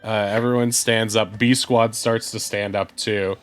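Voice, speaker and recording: A man's voice: fairly low pitch, flat delivery, a little slow, soft background music. Laid-back man running a tabletop game. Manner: laughing, loose narration with fillers. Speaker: game master.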